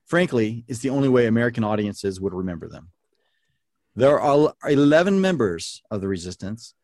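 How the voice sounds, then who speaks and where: A man's voice: mid-range voice, expressive, normal speed, darkish tone, dry recording, clean studio sound. A man hosting a podcast trivia game, reading questions and scoring answers playfully. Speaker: quiz host.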